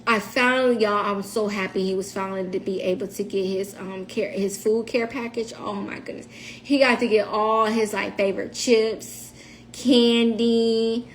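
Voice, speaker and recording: A woman's voice: medium pitch, fairly even intonation, moderate pace, a little hiss or hum. Emotional Southern woman telling a story. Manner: emotional, swears, talks straight to the audience. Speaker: livestream host. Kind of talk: casual storytime chat to viewers.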